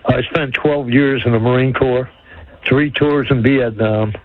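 A man's voice: medium pitch, steady tone, measured pace, no room sound. An older man calling in to a radio show, talking in a folksy, rambling way. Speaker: caller. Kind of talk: phone-in call. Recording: tinny phone line.

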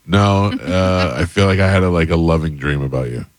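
A middle-aged man hosting a radio show, telling a story in a relaxed, deadpan way and acting out both sides of his phone calls. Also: sits low, moderate pace, dry recording. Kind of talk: casual on-air chat and storytelling.

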